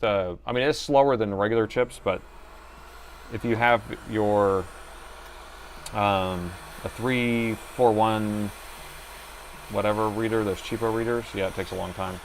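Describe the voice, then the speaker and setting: A man hosts a live stream, chatting casually, explaining each step of a repair as he works and joking with his viewers. His voice is fairly low and steady, unhurried with long pauses, over slight background noise.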